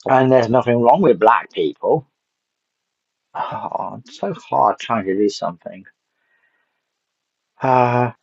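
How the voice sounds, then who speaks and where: A man's voice: mid-range voice, a little mellow, breathy edge, no room sound. Rambling man, dull lo-fi sound. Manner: rambling, blunt, swears casually, trails off. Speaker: film reviewer. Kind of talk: casual rambling film review.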